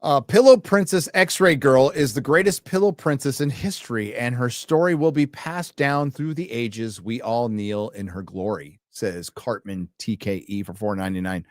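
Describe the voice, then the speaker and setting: A man's voice: medium pitch, normal speed, hardly any pauses, no echo, studio quality. A man hosting a casual late-night livestream, reading out viewer donations and rambling with wry, profane asides.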